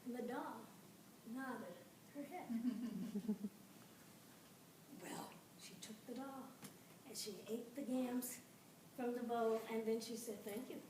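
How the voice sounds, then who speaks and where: A woman telling a folktale to an audience, dramatic and expressive, with pauses and repetition. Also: fairly high pitch, distant mic, noisy background. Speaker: storyteller. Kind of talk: live folktale storytelling. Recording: echoey room, voice from afar.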